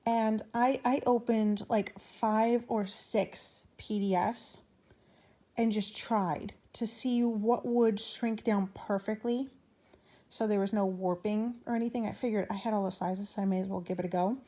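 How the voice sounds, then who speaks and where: A woman's voice: medium pitch, steady tone, measured pace, mellow. A young woman chatting casually in a rambling way with fillers and restarts, out of breath and hiccuping. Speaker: planner vlogger. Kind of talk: casual chat.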